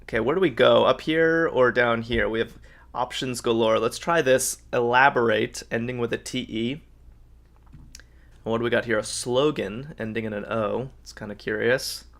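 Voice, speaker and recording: This medium-pitched male voice is steady in tone, creaky, a little bright, and moves at a normal speed. He's hosting a live-streamed crossword, upbeat as he reasons through clues and shares viewers' suggestions.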